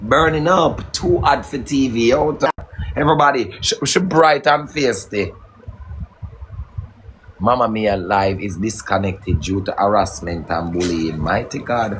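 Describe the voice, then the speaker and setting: A man's voice: lowish voice, moderate pace, slight background noise. Teasing man hosting a live stream. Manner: teasing, banters in patois, shouts out viewers. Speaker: livestream host. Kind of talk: casual live stream chat.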